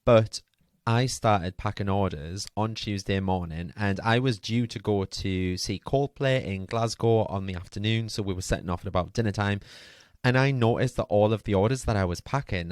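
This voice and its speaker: A man's voice: on the low side, moderate pace, darkish tone, smooth, no room sound, studio quality. A man hosting a podcast, telling a rambling, chatty story full of asides and fillers. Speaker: podcast host. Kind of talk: casual storytelling monologue.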